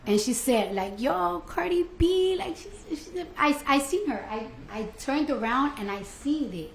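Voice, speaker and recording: A woman testifying in court, telling her story in an animated, slangy way and acting out the quoted dialogue. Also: on the high side, a little slow. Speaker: trial witness. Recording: roomy courtroom audio with faint noise.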